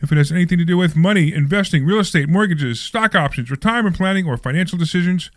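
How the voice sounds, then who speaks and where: A man hosting a live call-in radio show, talking fast and joking with his co-host. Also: sits high, animated, dry recording. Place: radio studio.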